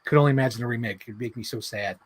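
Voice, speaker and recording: A man hosting a casual livestream, answering chat in an animated, excitable way with many fillers. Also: medium pitch, rapid-fire, breathy edge. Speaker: livestream host reading chat.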